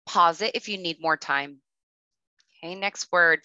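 A woman kindergarten teacher leading a recorded lesson for young children, speaking slowly and clearly, with patient prompts. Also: on the low side, pushed and bright, dry recording. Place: home. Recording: slightly dull lo-fi audio.

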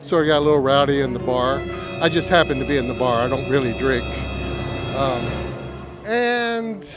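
A man's voice: mid-range voice, lively intonation, normal speed, music in the background. A man at a travel expo, answering with wry jokes and rambling anecdotes. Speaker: interviewee. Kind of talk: casual joking chat. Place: busy travel expo hall.

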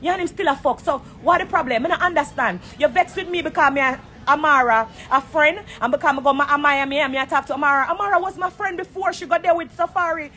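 A woman's voice: high voice, fast, few pauses, bright, forceful tone. A woman with a Jamaican accent, in her forties, ranting bluntly and profanely in patois on a phone livestream from an airport corner. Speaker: celebrity going live.

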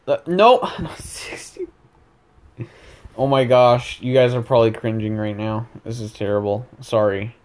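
A young man giving loose, casual commentary over a video game. He jokes, rambles, and catches his own mistakes out loud, in an easygoing voice at a mid pitch. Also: flat delivery, measured pace, clear, resonant tone. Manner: joking, rambling, self-correcting. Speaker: gaming video host.

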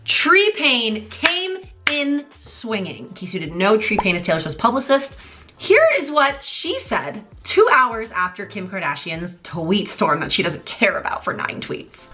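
A woman's voice: medium pitch, unhurried, soft background music. A woman in her twenties giving sarcastic, exasperated commentary on celebrity drama in a vlog. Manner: exasperated, sarcastic, animated ranting. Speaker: commentary YouTuber. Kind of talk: pop culture commentary vlog.

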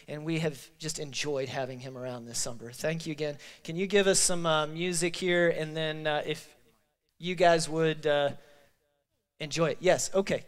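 A man with a slightly high, clear, resonant voice gives the closing remarks at a church service in the sanctuary. The pastor is emotional and rallies his congregation, his nose stuffy from crying.

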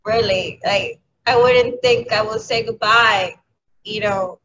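A woman educator from New York City, talking candidly as an interview guest, halting and laughing softly. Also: on the high side, steady tone. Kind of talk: emotional interview talk. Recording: dull lo-fi audio with clear background noise.

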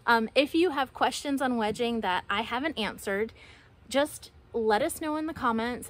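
A young woman with a slightly high voice teaches pottery while she works at a studio table. Her delivery is chatty and playful, and she sounds a little out of breath. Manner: chatty, playful, self-deprecating. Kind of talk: casual demonstration lesson.

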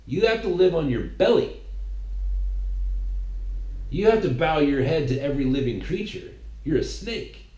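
A man's voice: on the high side, lively intonation, unhurried, long pauses, warm tone. A man hosting his own show, preaching a mocking, opinionated solo monologue. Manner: preachy, mocking, with impressions of others. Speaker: podcast host. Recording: echoey room.

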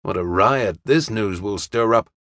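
A man voicing a weary, impatient traveler in an audiobook, talking bluntly and briskly. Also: lowish voice, a bit bright, dry recording, studio quality. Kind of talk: audiobook character reading.

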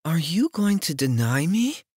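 A man putting on a breathy, teasing young woman. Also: on the high side, big pitch swings, measured pace, darkish tone, no echo, clean studio sound, pitched above the performer's own voice, heavily acted. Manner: teasing, sing-song.

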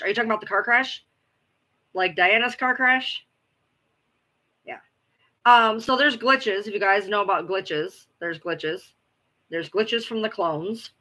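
Bright-voiced woman rambling casually. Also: medium pitch. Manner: rambling, repeats herself, casual swearing. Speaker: livestream host. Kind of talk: casual chat answering viewers.

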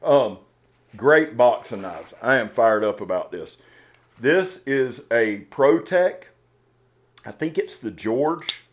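An excitable man talks through a box of knives in a loose vlog style. He wears his heart on his sleeve, restarting his sentences and rambling as he gets worked up. His voice sits at an ordinary middle pitch. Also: takes it slowly. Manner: fired-up, earnest, emotional, rambling with restarts. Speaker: knife channel host. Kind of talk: casual unboxing vlog talk.

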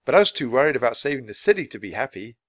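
A man's voice: mid-range voice, very animated, rapid-fire, fairly bright tone, no room sound. A man voicing a careful, nervous young boy. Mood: earnest.

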